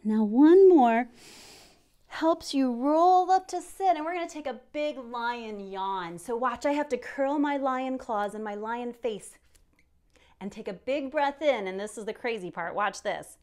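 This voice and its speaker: A woman guides young children through a yoga lesson, speaking to them directly with playful encouragement and telling a pretend story full of gasps and exclamations. Her voice is a little high and a little mellow, animated yet slightly slow.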